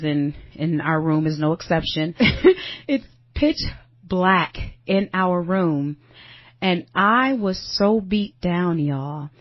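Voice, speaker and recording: A woman's voice: low-pitched, no room sound, highs cut off. A woman, hosting a podcast and telling a personal story in an earnest, confiding way, calling her listeners "y'all". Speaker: podcast host.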